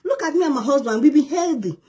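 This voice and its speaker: Woman squealing w excitement, super high voice, swooping all over, laughs a lot, keeps repeating stuff. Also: fast talker. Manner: shrieking, exuberant, repetitive; laughs often while talking. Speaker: network marketer. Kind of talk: excited promotional live video.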